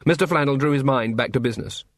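A man narrating a story in a wry, expressive reading. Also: medium pitch, quick pace, dry recording, clean studio sound. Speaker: audiobook narrator. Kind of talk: scripted narration.

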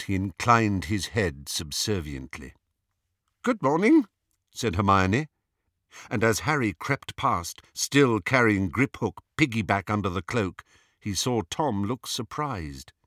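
A man narrating an audiobook in an expressive, storytelling manner. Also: lowish voice, dry recording, clean studio sound.

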